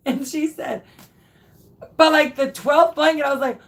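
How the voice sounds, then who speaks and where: A woman's voice: high-pitched, takes it slowly, long pauses. A woman in her thirties hosting a craft video, casually telling viewers a funny personal story with lots of laughter and restarts. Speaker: craft tutorial host.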